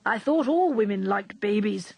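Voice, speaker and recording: A woman reading aloud, voicing a gruff, absent-minded old male professor who blusters and grumbles. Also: mid-range voice, expressive, moderate pace, darkish tone, dry recording. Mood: brusque.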